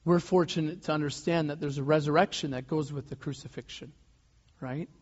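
Male pastor, slightly high voice, relaxed conversational sermon delivery, dull lo-fi recording. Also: brisk. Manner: conversational, loose preaching with restarts and soft laughs. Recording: dull lo-fi sound.

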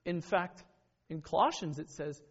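A man's voice: a little high, moderate pace. Earnest male preacher, muffled recording. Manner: earnest, conversational, with personal stories and self-corrections. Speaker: pastor. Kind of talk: sermon. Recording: dull lo-fi sermon recording.

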